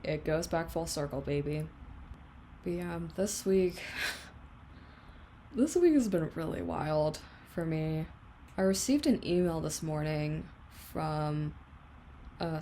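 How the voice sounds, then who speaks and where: Brief: young woman vlogger, lowish voice, candid and reflective, loose casual delivery, faint noise behind. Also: dark tone. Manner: candid, reflective, filler-heavy. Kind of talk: casual confessional vlog.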